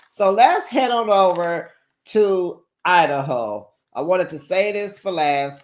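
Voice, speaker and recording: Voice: lively intonation, takes it slowly. Sassy, chatty Bay recap host. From San Francisco Bay Area. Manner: chatty and sassy, with big pitch jumps. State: tired. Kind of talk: casual recap commentary.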